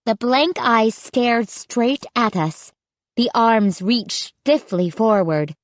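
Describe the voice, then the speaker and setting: A woman reading a spooky children's audiobook in measured, suspenseful scripted narration. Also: on the high side, no echo.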